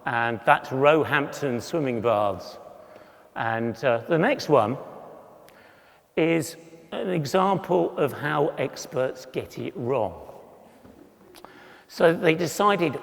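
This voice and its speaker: A man's voice: a little high, lively intonation, takes it slowly, gravelly, pauses often, in a large hall. A man in his sixties from England giving a humorous, self-deprecating storytelling talk with slides, acting out voices in his anecdotes. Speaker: conference speaker.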